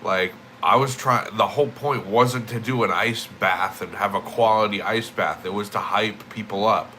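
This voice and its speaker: A man's voice: fairly low pitch, steady tone, normal speed, bright, forceful tone, a little hiss or hum, low-quality recording. A young man livestreaming, just woken up, rambling and swearing with emphatic repeated words. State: just woke up. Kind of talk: casual streaming rant.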